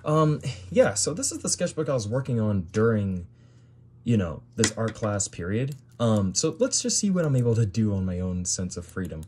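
A man's voice: lowish voice, big pitch swings, normal speed, darkish tone, a little hiss or hum. A young man leafing through an old sketchbook and commenting casually for his video, with bewildered reactions and fillers as he goes. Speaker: video creator.

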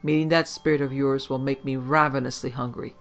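Guy doing a cocky army officer, brusque and mocking, gravelly. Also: medium pitch, flat delivery, brisk, highs cut off, faint music behind, lightly acted. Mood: commanding. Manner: brusque, scoffing. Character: bold mocking soldier, man, dismissive.

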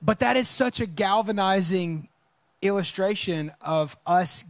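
Enthusiastic pastor, dry close sound. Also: male voice, high voice, a little slow, dry recording. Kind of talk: conversational sermon talk. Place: church stage.

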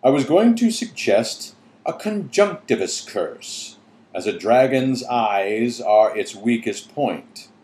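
A man's voice: mid-range voice, expressive, takes it slowly, darkish tone, echoey room. A man voicing a serious adult man giving cautious advice in a letter, read from a storybook. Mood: earnest. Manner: earnest and cautioning.

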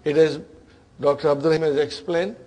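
A man's voice: a little high, fairly even intonation, a little fast, a little mellow. A man teaching Arabic grammar to a class, explaining terms in English, checking in with "huh?" and "okay?" and calling students brothers and sisters. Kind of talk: classroom lecture.

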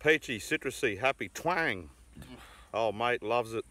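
A man's voice: mid-range voice, animated, unhurried, bright, forceful tone. A man with an Australian accent hosting a casual beer tasting outdoors, talking in crude, slangy, joking banter. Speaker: beer review host. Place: outdoors in the bush.

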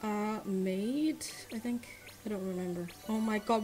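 Young woman, casual gaming commentary, mumbles low and then bursts into shrieks, faint music underneath. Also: normal speed, rough recording. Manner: swings from mumbled low sighs to shrieking excitement. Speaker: gacha gaming streamer.

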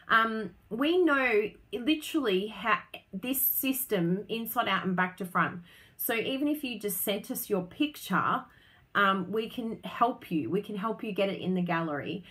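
A woman's voice: fairly high pitch, expressive, moderate pace, fairly bright tone. A woman hosting a casual live stream, bubbly and chatty, laughing often as she talks to viewers. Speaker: craft business host.

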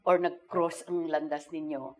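A woman's voice: sits low, steady tone, normal speed. A woman hosting an interview, asking questions and affirming often. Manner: attentive, frequent short affirmations. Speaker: interview host. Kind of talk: casual interview.

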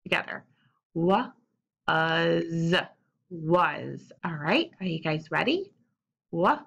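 Slow-spoken woman teaching young children. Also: fairly low pitch, big pitch swings, vocal fry, fairly bright tone, slightly rough. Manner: slow, drawn-out spelling and sounding out of letters; encouraging, prompts children to repeat after her. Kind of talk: remote lesson for young children.

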